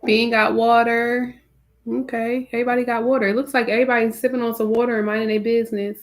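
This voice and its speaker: A woman's voice: a little high, little pitch movement, fast talker, soft background music. A woman hosting a live stream, greeting her viewers by name in a casual, chatty way. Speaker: livestream host.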